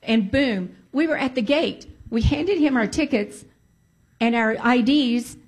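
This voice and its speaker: Woman telling a story from her life, animated, keeps repeating stuff for emphasis, some prayerful bits. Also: fairly high pitch, unhurried. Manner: animated, breaks into prayerful exclamations. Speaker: storyteller sharing a personal testimony. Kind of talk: casual spoken storytelling.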